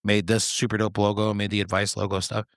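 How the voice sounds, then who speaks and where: A man in his thirties talks alone on his podcast, rambling from one story to the next and swearing freely. His voice sits on the low side. The sound is close and completely dry. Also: completely flat delivery, fast, no echo. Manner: rambling, profane, jokey storytelling with sudden high-pitched quoted voices. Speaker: podcast host. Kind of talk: casual solo chat.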